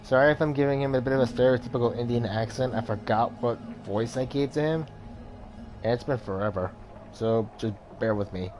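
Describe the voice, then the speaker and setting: A man's voice: mid-range voice, brisk. A man hosting a let's play, reading the game's narration and chatting casually with apologetic asides. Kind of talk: reading a game aloud with casual commentary. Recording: game music underneath.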